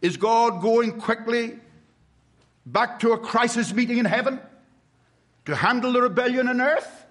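High-voiced preacher man, emphatic. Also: fairly bright tone. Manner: emphatic, with slow drawn-out stresses and rhetorical questions. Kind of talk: sermon.

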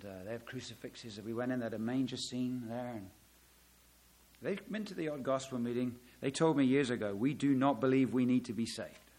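A middle-aged man preaching a sermon, dramatic, swelling loud on key words and dropping to a hush. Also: medium pitch.

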